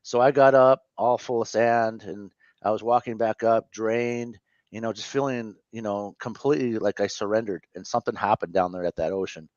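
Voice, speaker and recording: A man in his fifties, a guest telling a personal story in an interview, earnest and candid, with halting speech and frequent self-corrections. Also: lowish voice, fairly even intonation, a little mellow, no room sound, dull audio. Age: 50s.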